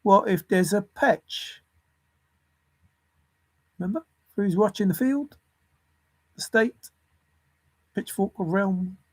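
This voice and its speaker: A man's voice: high voice, takes it slowly, pauses often, no echo. A man rambling alone through lists of words and clues, chuckling to himself as he thinks aloud. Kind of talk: rambling solo puzzle musing.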